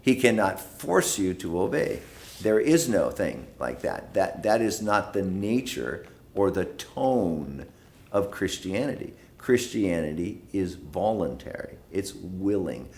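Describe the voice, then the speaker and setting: Slow, deep-voiced man teaching Bible study. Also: very animated, a little mellow. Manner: slow, emphatic, repeats phrases for stress. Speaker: pastor.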